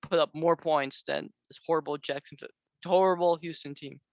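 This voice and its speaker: A young man co-hosting a casual football picks chat, halting and repeating himself while giving blunt opinions. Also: on the high side, fairly even intonation, vocal fry, no echo. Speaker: co-host.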